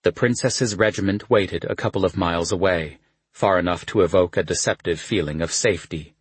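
A man reading a novel aloud as an audiobook narrator, in a measured, even manner. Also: low-pitched, husky, dry recording. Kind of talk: scripted narration.

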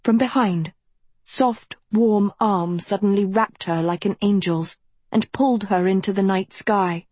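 A woman reads a dark fantasy tale slowly and deliberately, lingering over each phrase. Her voice has a soft husky grain, and the recording is close and dry with no room sound. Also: mid-range voice, no room sound. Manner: slow, measured dramatic storytelling. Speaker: audiobook narrator. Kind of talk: scripted narration.

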